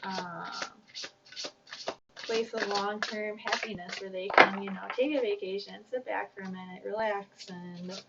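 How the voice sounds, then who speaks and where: Woman tarot reader, gravelly, rambling and chatty, recorded dull from a distance. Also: mid-range voice, steady tone, measured pace, very noisy. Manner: rambling, chatty, self-conscious. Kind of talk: casual tarot reading.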